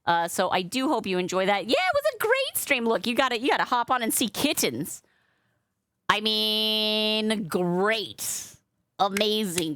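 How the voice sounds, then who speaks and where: A woman's voice: mid-range voice, fairly bright tone, no echo. Woman streamer, upbeat and chatty, mid-range voice, dry close mic. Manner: chatty, upbeat, with frequent fillers. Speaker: streamer and balloon artist. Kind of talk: casual live-stream chat.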